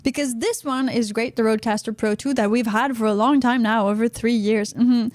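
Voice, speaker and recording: Woman podcast host, high voice, dry studio sound, chatty with lots of uh-huhs. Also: fairly even intonation, fairly quick, a little mellow, no room sound. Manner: chatty, frequent "uh-huh" affirmations. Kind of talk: casual podcast chat. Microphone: studio podcast mic.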